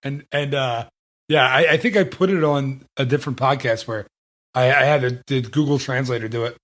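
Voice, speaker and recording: A man's voice: medium pitch, fairly quick, a bit bright. A man hosting a casual podcast, telling easygoing, self-deprecating stories. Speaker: podcast host.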